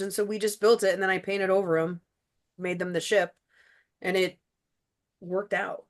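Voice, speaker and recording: A woman's voice: medium pitch, little pitch movement, normal speed, long pauses. A woman who made the series, chatting casually and gratefully in a commentary, with a loose, rambling way of talking. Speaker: show creator and producer.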